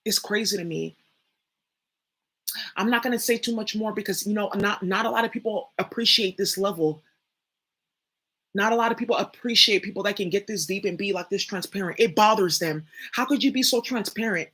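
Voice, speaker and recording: Profane, bright-voiced young woman ranting. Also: mid-range voice, fairly quick, breathy edge. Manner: blunt, profane and emphatic, addresses viewers directly. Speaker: spiritual reader and channel host. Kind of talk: casual spoken monologue.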